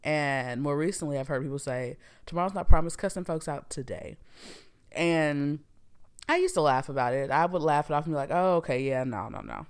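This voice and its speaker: A woman's voice: low voice, fairly quick, clean tone. A woman in her thirties hosting a casual solo podcast, talking candidly and rambling with frequent fillers. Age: 30s. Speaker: podcast host.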